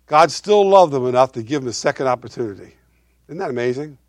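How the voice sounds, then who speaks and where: A male pastor preaching a sermon, swinging between loud emphasis and quiet asides while asking his congregation questions. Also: medium pitch, a little fast, no room sound, clean studio sound.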